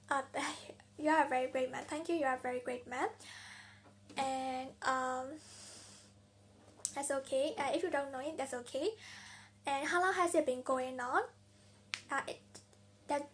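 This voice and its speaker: A woman's voice: high-pitched, fairly bright tone. A woman playing a doctor in a practice clinical exam, asking a parent questions in a hesitant way, often restarting and repeating herself. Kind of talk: clinical history-taking role-play.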